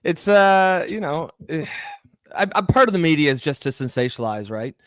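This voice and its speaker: A man's voice: a little high, sing-song, moderate pace, fairly bright tone, no room sound. Hesitant man, dry close sound. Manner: hesitant, agreeable, many restarts. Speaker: podcast co-host. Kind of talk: casual political chat show.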